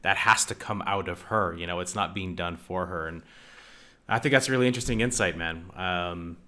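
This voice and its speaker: Bright, enthusiastic male host. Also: low-pitched, fairly quick. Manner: enthusiastic, laughs often, says "man" a lot. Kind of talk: casual interview chat.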